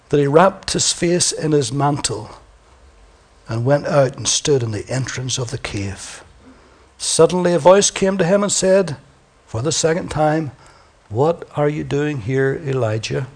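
A man preaching a sermon, reading scripture dramatically and swinging from booming declarations to hushed near-whispers. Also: lively intonation, unhurried. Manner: reads scripture aloud dramatically.

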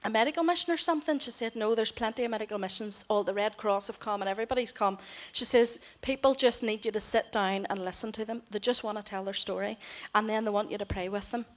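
A woman's voice: medium pitch, fast, few pauses. A middle-aged woman, giving a heartfelt mission report to a church congregation and voicing the people she quotes. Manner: heartfelt storytelling, voices others in quotes. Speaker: missionary speaker.

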